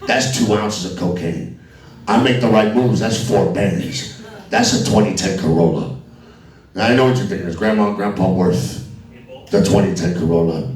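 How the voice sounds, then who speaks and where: A man's voice: sits low, normal speed, a little mellow. A man from Alabama doing a crude, profane stand-up comedy set on a club stage. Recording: echoey club from a distance with crowd laughter.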